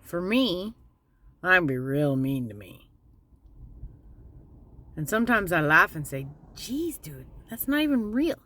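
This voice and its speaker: A woman giving a casual, candid motivational talk as a spiritual vlogger, plainspoken and slowing down to stress her points. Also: fairly low pitch, big pitch swings, pushed and bright.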